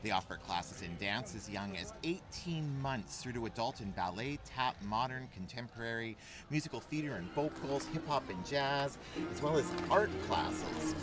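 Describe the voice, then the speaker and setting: Steady man reading parade details. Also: medium pitch, moderate pace. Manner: steady, reads details with fillers. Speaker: parade commentator. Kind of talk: live parade commentary, reading info. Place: outdoors at a street parade. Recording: music playing behind.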